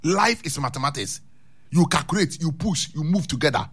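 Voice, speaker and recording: Husky high-voiced preacher. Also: male voice, expressive, brisk, fairly bright tone. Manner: preaching, mixing languages, chanting lines for echo. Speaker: radio pastor. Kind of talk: radio sermon with call and response.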